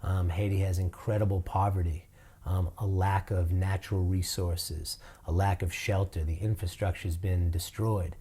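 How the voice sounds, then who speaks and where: Earnest man with a low, mellow voice. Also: little pitch movement, moderate pace, slightly rough. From Boston, USA. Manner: earnest, heartfelt, many "you know" fillers. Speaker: nonprofit director. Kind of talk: interview answers.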